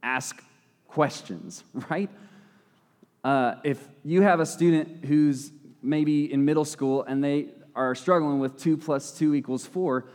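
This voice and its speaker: A young lay preacher gives a casual sermon, speaking conversationally with playful asides and frequent self-corrections. His voice is a little high with a darkish tone, and he takes it slowly, with long hall reverb on the recording.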